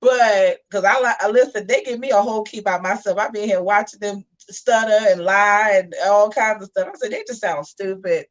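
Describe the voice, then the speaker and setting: Sassy woman w/ aave doing live gossip commentary, talks back to chat, mid pitch. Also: steady tone, moderate pace, few pauses, far from the mic, dull audio. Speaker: host of a live commentary show. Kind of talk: livestream commentary reading chat.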